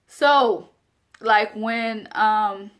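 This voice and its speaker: A woman's voice: medium pitch, extremely slow, fairly bright tone. A young woman vlogger telling a personal story straight to her viewers in a casual, earnest way, often repeating phrases for emphasis.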